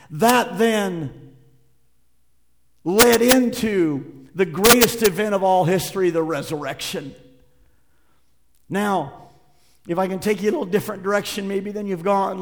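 A man preaching a sermon, moving between loud, impassioned passages and quiet, hushed readings of scripture. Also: high voice, measured pace, pauses often, in a large hall, a little hiss or hum. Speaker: pastor.

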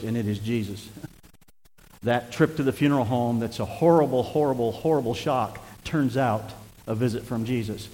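A man's voice: medium pitch, big-room sound. A male pastor preaching a conversational sermon to his congregation, mixing Bible reading with self-deprecating asides. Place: church sanctuary.

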